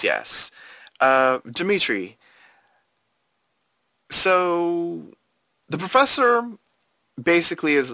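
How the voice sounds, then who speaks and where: A man co-hosting a podcast, talking in an easygoing, enthusiastic way with playful asides. His voice is bright and forceful, and he takes his time over his words. The sound is dry and close, with no room around it. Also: mid-range voice, dry recording. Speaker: podcast co-host. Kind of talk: casual chat.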